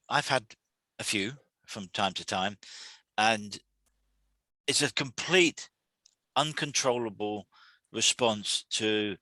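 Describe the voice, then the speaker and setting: A man hosting a weekly talk series, explaining calmly in a halting way, often repeating words and restarting. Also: on the low side, no room sound. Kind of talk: solo talk to camera.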